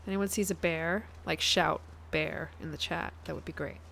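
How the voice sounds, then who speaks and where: A woman's voice: low voice, steady tone, normal speed, gravelly, a bit bright, slight background noise. A woman, chatting casually to her viewers while playing a game on a live stream and thinking aloud. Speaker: guest streamer.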